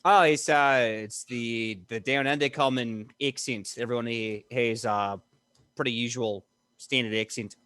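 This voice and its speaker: A man's voice: medium pitch, fairly even intonation, measured pace, a bit bright, smooth, no room sound. Man, tabletop player, hesitant, dry recording. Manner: hesitant, with filler sounds. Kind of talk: playing a tabletop game.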